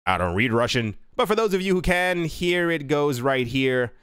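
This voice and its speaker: A man's voice: a little high, big pitch swings, normal speed, fairly bright tone, clear, resonant tone, no echo, studio quality. A man hosting a crypto news show, reading out articles and adding rambling, self-correcting asides.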